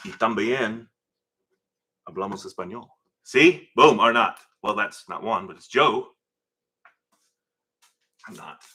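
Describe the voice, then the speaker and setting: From his home garage workshop, a man runs a casual live stream about a car build, rambling in an animated way and calling out names from the chat. His voice is low and husky, and he speaks slowly with long pauses.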